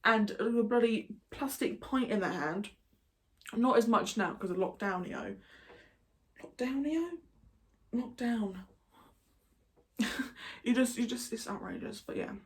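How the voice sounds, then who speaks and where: A woman's voice: on the high side, moderate pace. Casting: chatty British woman vlogger, jokey, wanders off on tangents. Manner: rambling, jokey, goes off on tangents. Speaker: YouTuber. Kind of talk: casual vlog chat.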